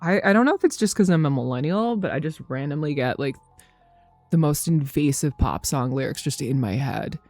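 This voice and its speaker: A woman's voice: deep voice, expressive, brisk, a little mellow, no room sound, soft background music. A woman in her thirties streaming from home, chatting loosely with her viewers, rambling, swearing freely and laughing often. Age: 30s. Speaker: game streamer. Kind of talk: casual chat with live chat.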